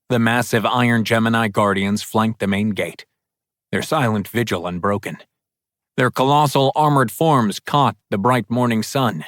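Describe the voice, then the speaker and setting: A man narrating a fantasy audiobook in a steady, descriptive read. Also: lowish voice, no room sound, studio quality. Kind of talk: scripted narration.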